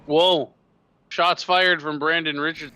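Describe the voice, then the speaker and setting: Bright-toned male co-commentator with quick quips. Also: a little high, steady tone, no room sound. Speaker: sim racing co-commentator. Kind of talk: joking race commentary.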